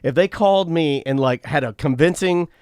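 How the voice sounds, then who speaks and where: A man hosting a casual chat, excitable and joking, with plenty of profanity. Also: fairly high pitch, normal speed, smooth, dry recording, studio quality. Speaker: host.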